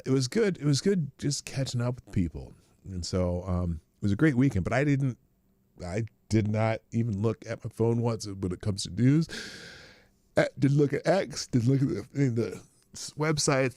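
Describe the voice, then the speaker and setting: A man's voice: expressive, normal speed, darkish tone, no echo. A middle-aged man from Omaha hosting a casual livestream, chatting in a rambling, offhand way and swearing now and then. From Omaha, Nebraska. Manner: rambling, chatty, swears casually, jumps between high and low pitch. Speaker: livestream host. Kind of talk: casual live-stream chat.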